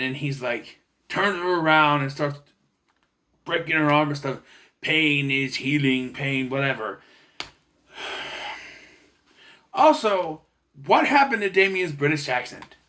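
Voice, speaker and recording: A young man with a fairly high, bright, forceful voice reviews a movie casually, with slight background noise behind him. He rambles and sounds unsure, repeatedly restarting and correcting himself.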